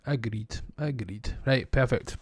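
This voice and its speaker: A man's voice: mid-range voice, measured pace, slightly rough, dry recording. Chatty Scottish man, dry close sound. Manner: rambling, chatty, self-interrupting. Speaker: podcast co-host. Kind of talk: casual chat.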